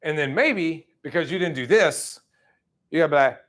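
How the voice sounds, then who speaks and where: A middle-aged man leading a sales training, telling stories casually and acting out quoted lines with sudden jumps in pitch. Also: lively intonation, normal speed, a bit bright. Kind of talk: casual training talk with storytelling.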